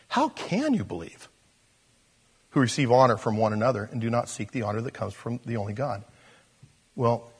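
Male pastor, husky voice, animated sermon delivery, loud-to-soft swings. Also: medium pitch.

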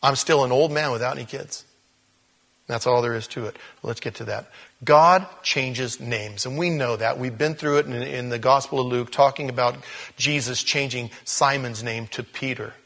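Male pastor, husky voice, preaching with big swings in emphasis, long hall reverb. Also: medium pitch, normal speed. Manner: animated, shifts emphasis dramatically, sudden loud rises. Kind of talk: expository sermon.

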